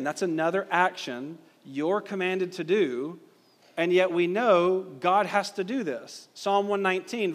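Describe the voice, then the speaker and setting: A male pastor preaching a sermon, emphatic and driving points home with rhetorical questions. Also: a little high. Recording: long reverb of a hall.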